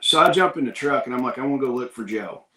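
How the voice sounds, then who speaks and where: Talking fast in an expressive, bright, forceful medium-pitched voice, this Kentucky-accented podcast host spins a folksy, rambling yarn, performing the voices of others in the story. The audio carries reverberation.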